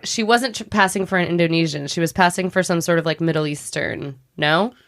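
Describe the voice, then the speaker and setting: A woman co-hosting a podcast, chatty and giggly as she talks in quick bursts. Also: lowish voice, fairly bright tone. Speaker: podcast co-host. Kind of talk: casual chat.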